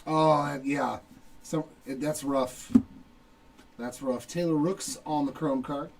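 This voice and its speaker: Taking it slowly, a middle-aged man with a gravelly, fairly high, steady voice hosts a live card break, chatting, joking and reading out each card he pulls. The sound is rough, with him far from and somewhat off the mic and a faint noise behind.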